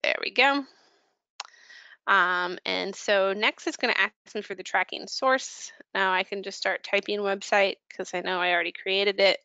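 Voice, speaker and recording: A woman giving a casual software training walkthrough, filling her pauses with ums while she clicks through settings. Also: mid-range voice, fairly even intonation, clear, resonant tone, lo-fi sound. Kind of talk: screen-share product walkthrough.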